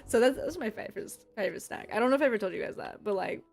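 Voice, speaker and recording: Young female VTuber, rambling and giggly, slightly high voice, faint music under her. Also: lively intonation, rapid-fire, creaky, darkish tone. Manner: rambling, playful, laughs often. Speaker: VTuber streamer. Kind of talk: casual livestream chat, reading and answering chat.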